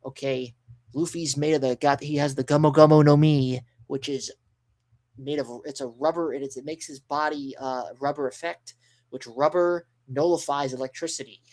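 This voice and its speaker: This manga reaction streamer is a man giving live commentary in an excitable, rambling way, with some mild swearing. His voice sits a little high, and he keeps a moderate pace.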